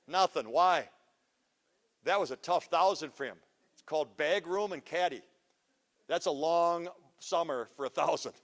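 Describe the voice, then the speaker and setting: A middle-aged man giving a live parenting talk to an audience, joking, goofy and energetic, teasing the crowd. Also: high voice, moderate pace, pauses often. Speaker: parenting seminar speaker. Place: school event before a live audience.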